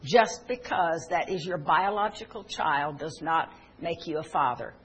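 A woman's voice: medium pitch, breathy edge, poor audio. A woman preaching a sermon, telling personal stories and building to earnest, emphatic exhortation.

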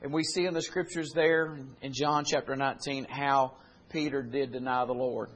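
A man preaching a sermon, retelling scripture in plain folksy speech and building to loud, climbing exhortation. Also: medium pitch, level tone, moderate pace.

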